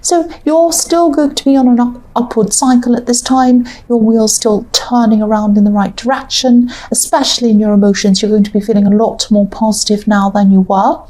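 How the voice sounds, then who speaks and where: A woman's voice: a little high, fairly even intonation, moderate pace, hardly any pauses, dark tone. A woman doing a casual tarot reading to camera, thinking aloud in a rambling, hesitant way with many fillers. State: has the hiccups. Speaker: tarot reader.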